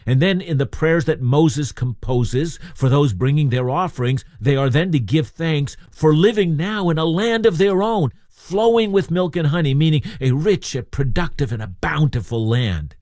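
A man's voice: fairly high pitch, moderate pace, few pauses, a little mellow, dry recording, studio quality. A man preaching a sermon in a conversational way, asking his listeners questions.

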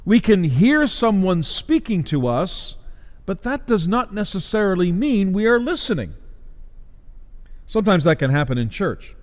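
A man delivering a sermon as a preacher, measured, with emphatic rises and slowed stresses. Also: high-pitched, sing-song, long reverb tail.

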